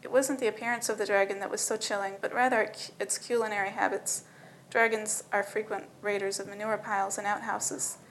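A woman reads a story aloud at a middling pitch, steady and matter-of-fact. A faint hiss sits under her voice. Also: brisk, hardly any pauses, poor audio. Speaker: narrator. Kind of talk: storybook reading.

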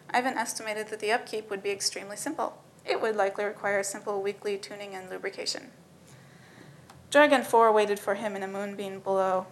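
A woman reads a story aloud at a middling pitch, steady and matter-of-fact. A faint hiss sits under her voice. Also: low-quality recording. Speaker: narrator. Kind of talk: storybook reading.

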